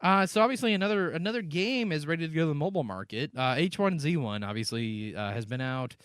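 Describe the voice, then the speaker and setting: A man's voice: fairly high pitch, fast talker, smooth, no room sound, studio quality. A man with a Midwestern American accent co-hosting a casual gaming podcast, joking, swearing and breaking into mock voices. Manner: animated, jokey, swears and does mock voices. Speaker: podcast co-host. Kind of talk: casual chat.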